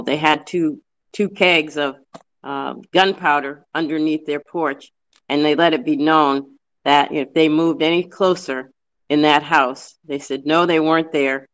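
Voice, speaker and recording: Bright-voiced man telling local history. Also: a little high. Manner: earnest, fast-paced, with many fillers and restarts. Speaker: guest speaker on local history. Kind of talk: informal history talk with questions.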